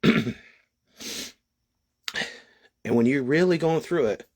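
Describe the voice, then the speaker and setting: A middle-aged man giving a personal testimony, halting and emotional, fighting back tears, with many pauses and restarts. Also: on the high side, a little mellow, dry recording, studio quality. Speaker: testimony speaker.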